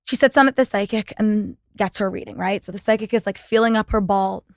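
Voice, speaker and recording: A woman's voice: mid-range voice, fairly quick, dry recording, studio quality. Sarcastic, profane young woman podcaster. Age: young adult. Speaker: podcast host. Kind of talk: casual podcast monologue.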